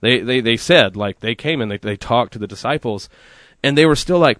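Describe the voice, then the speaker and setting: Male co-host, casual faith talk, lively storyteller, mid pitch, dead-dry room. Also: fast, no echo. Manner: animated storytelling with many fillers. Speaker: radio co-host.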